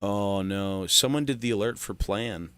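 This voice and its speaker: Low, bright-toned joking gamer. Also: male voice, a little slow, smooth, no room sound. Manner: joking, profane, rambling to chat. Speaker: streamer. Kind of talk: casual gaming stream commentary.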